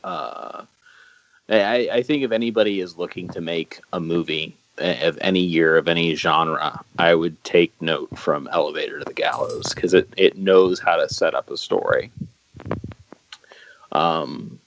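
A man's voice: low-pitched, unhurried. A man chatting casually on a podcast about films, rambling and enthusiastic, often restarting his sentences. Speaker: podcast co-host. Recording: dull lo-fi sound.

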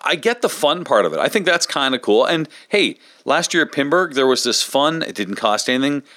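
A man chatting on a podcast in an animated, talkative way, laughing easily. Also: mid-range voice, a little fast, no room sound, studio quality. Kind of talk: casual podcast chat.

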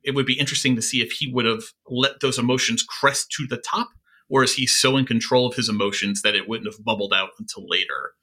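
A man with a very bright, forward tone that cuts through clearly, talking over a TV episode with his co-host. He thinks out loud, pausing on fillers and restarting phrases as he works through each scene. His pitch sits in an everyday middle range. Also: fairly even intonation. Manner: thoughtful, halting with frequent fillers. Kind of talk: casual recap discussion of a TV episode.

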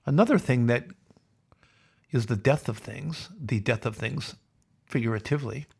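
A man's voice: medium pitch, moderate pace, creaky, a little mellow, husky. A man hosting a podcast, delivering a sardonic, opinionated rant. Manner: sardonic, ranting. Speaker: podcast host. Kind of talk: opinionated monologue.

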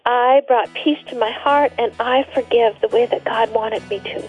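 A woman guest telling a personal story in a radio interview, earnest and halting, with many restarts. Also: a little high, steady tone, soft background music. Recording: tinny phone line.

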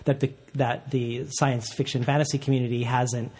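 A man's voice: mid-range voice, level tone, normal speed, a little mellow, breathy edge. Hesitant man interviewer with many restarts. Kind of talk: interview questions.

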